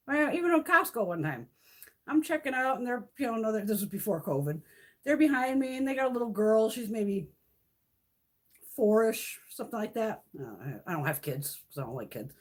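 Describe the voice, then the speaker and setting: A woman's voice: high-pitched, expressive, moderate pace, breathy edge. Blunt, profane woman ranting on a livestream. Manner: blunt, profane and laughing often. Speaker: beauty vlogger. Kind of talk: casual livestream rant.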